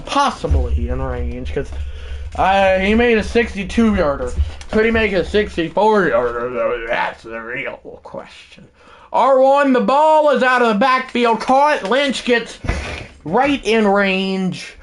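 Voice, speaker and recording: A man giving excited play-by-play commentary over a football video game, calling it like a sportscaster and shouting on the big plays. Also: sits high, slow, slight background noise. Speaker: gaming channel host.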